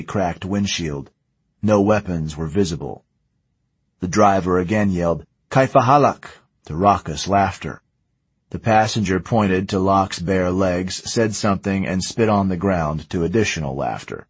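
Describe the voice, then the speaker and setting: Male narrator, deep and slightly husky, steady measured read, dry close sound. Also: dry recording. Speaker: audiobook narrator. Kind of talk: scripted narration.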